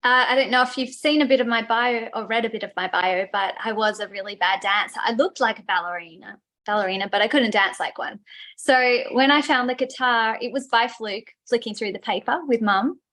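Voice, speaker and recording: Australian female guest, slightly higher voice, warm-friendly talker who laughs easily. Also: brisk. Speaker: guest singer. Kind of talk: casual interview chat.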